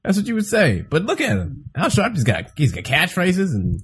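A man in casual podcast banter, joking and swearing freely. His voice sits a bit high and husky and swings widely in pitch as he riffs. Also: normal speed. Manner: profane, joking, animated storytelling. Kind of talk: casual chat.

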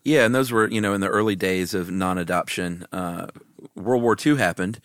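A man co-hosts a casual podcast in a very low voice. He is laid-back and drops sardonic quips. The sound is dry and close, with no room around it. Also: moderate pace, fairly bright tone, dry recording. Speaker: podcast co-host. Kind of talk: casual chat.

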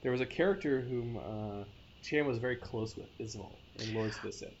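Eager man, stumbling restarts. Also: mid-range voice. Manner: enthusiastic, halting with many restarts. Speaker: podcast co-host. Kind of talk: casual chat. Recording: dull lo-fi sound with faint noise.

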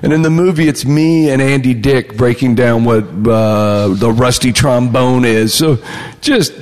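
A man's voice: mid-range voice, measured pace, a little mellow, in a large hall. A man, a comedy writer, telling stories in a casual interview and acting out the lines of other people. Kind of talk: casual storytelling.

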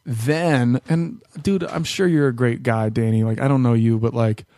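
Mid-pitched man joking on a podcast. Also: fairly even intonation, moderate pace, dark tone, dry recording, clean studio sound. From Chicago area. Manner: joking, slips into mocking impressions. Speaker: podcast co-host. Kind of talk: casual comedic chat.

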